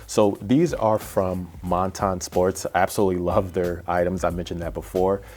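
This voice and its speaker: A man's voice: deep voice, steady tone, moderate pace, darkish tone. A man hosting a cycling vlog, chatting through a casual gear review in a rambling, self-deprecating way with plenty of fillers. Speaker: cycling vlogger.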